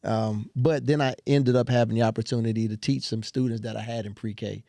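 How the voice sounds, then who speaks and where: A young man as an interview guest, telling his story earnestly with many pauses and restarts. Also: mid-range voice, steady tone, creaky, warm tone, dry recording. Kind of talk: casual interview talk.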